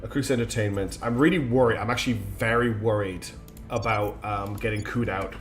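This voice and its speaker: A man with a mixed British accent, with traces of Scottish and Australian in it, streams and comments on a strategy game. He thinks aloud in a chatty way and fills pauses with "um". Faint game music plays underneath. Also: lowish voice, steady tone. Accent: mixed British English with Scottish and Australian traces. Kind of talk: live gameplay commentary.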